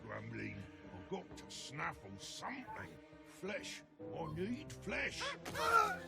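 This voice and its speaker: Brief: a grumbling video-game creature craving flesh, high and gravelly, drawn-out delivery. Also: male voice, wildly swooping pitch, full character voice. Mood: hungry grumbling. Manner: grumbling, gruff. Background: loud game music.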